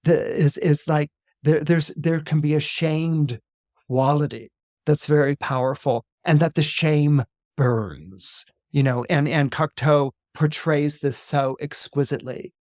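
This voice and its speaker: A man, an astrologer guest on a podcast, telling a story in a lively, chatty way with many fillers and restarts. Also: fairly high pitch, unhurried, no room sound, clean studio sound.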